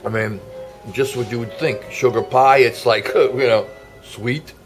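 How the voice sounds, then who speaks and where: A man's voice: mid-range voice, steady tone, a little slow. Wisecracking man at a noisy dinner. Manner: wisecracking, playful, laughs at own jokes. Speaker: comic host. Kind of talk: joking restaurant vlog. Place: restaurant dinner. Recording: music playing behind.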